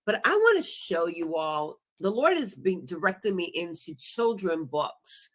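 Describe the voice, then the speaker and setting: A woman's voice: lowish voice, big pitch swings, unhurried. A woman guest on a live stream, speaking in a heartfelt, emotional way. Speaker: guest podcaster. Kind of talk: casual live-stream chat.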